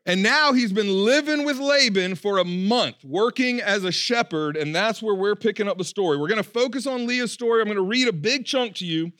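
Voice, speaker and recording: A man preaching a sermon in a church room, in a casual, animated way, with slang and joking asides. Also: high voice, moderate pace, hardly any pauses. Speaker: pastor.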